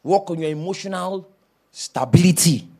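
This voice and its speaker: A male preacher delivers a sermon with a high voice that swings widely in pitch. His tone is bright and forceful, and he tells his stories with plenty of animation. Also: normal speed. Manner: animated storytelling, shouting and laughing.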